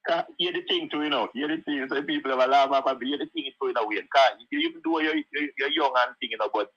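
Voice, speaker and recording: A man's voice: mid-range voice, very animated, fast, husky, dry recording, muffled recording. A middle-aged Jamaican man telling stories in casual chat, laughing often and saying "you know" at every turn.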